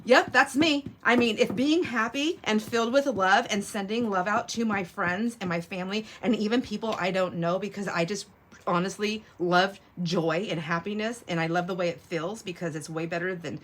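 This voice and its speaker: A middle-aged woman hosting a craft livestream, telling stories in a casual, animated way and laughing often. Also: mid-range voice, moderate pace, a little hiss or hum. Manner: animated, laughs often, acts out quoted voices. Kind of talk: casual storytelling chat while crafting.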